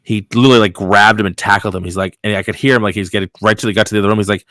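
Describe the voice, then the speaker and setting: A man in his thirties chatting on a podcast, his voice sitting low. He rambles through a story with plenty of fillers and swearing. The sound is dry and close. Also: steady tone, racing, fairly bright tone, no echo. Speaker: podcast host. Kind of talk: casual chat, telling a story.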